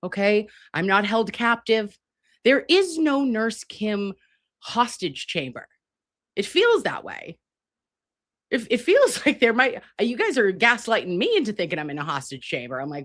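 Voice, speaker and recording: A woman's voice: medium pitch, sing-song, normal speed, fairly bright tone. A woman in her forties hosting a casual livestream, brash, profane and campy, with lots of asides. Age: 40s. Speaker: livestream host.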